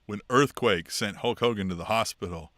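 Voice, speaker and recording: A man co-hosting a wrestling podcast, chatting casually and laughing through excitable retellings. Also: on the low side, moderate pace, dry recording, clean studio sound. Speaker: podcast co-host. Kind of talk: casual chat.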